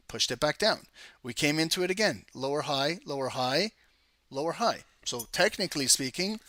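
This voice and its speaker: Energetic male trading coach, bright and fairly high voice, close dry sound. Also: dry recording. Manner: energetic, chatty, teasing the audience. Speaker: trading educator. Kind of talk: live market analysis walkthrough.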